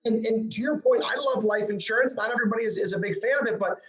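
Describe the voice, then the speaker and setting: Man, host, high-pitched, quick, excitable, lots of restarts. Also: dull audio. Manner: excitable, with many restarts and tag questions. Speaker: show host and financial advisor. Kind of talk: interview hosting.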